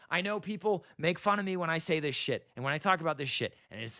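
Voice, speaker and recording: A man in his thirties vents in a bitter, exasperated monologue, cursing freely and circling back over the same complaints. His voice is tense and sharp-edged, and it sits a little higher than most men's. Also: expressive, quick pace, few pauses. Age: 30s. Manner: bitter, exasperated, swearing, repeats himself. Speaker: vlogger. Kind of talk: ranting monologue to camera.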